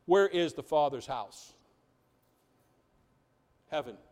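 A man's voice: on the high side, lively intonation, slow pace, darkish tone. A man preaching a sermon in a church, full of rhetorical questions and building emphasis. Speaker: pastor. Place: church sanctuary.

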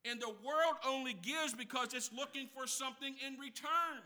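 Very high, sharp-voiced male preacher. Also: moderate pace. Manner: swings between loud emphatic points and hushed, low asides; counts off numbered points and asks the congregation questions. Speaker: pastor. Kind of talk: sermon.

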